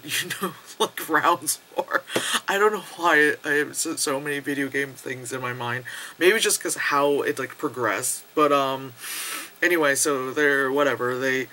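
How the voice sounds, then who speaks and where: Male reviewer, slightly high and bright-toned, loose and profane, rambling, recorded close to camera. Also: moderate pace. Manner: rambling, profane and excitable, with many fillers. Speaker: movie reviewer. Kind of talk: casual spoken movie review. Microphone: camera close to the face.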